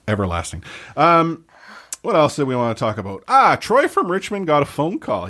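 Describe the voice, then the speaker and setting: A man hosting a hockey podcast, rambling and jokey, riffing on the game. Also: on the low side. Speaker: podcast host. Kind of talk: casual chat.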